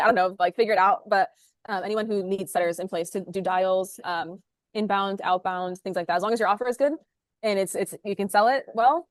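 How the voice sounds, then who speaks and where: A woman, a sales manager, talking fast and upbeat as an interview guest over a video call, with lots of "like" fillers. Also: mid-range voice, dry recording, studio quality. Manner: rapid, upbeat, full of "like" fillers.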